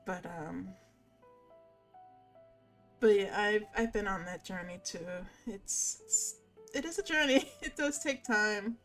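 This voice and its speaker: A woman's voice: medium pitch, slow, pauses often, a bit bright. Rambling woman streamer, faint music. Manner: rambling, many fillers and restarts. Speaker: streamer host. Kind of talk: casual live-stream chat.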